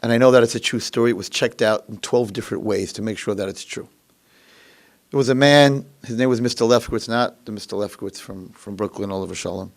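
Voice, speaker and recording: A male rabbi telling a story in a dramatic, animated lecture. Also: fairly low pitch, fast.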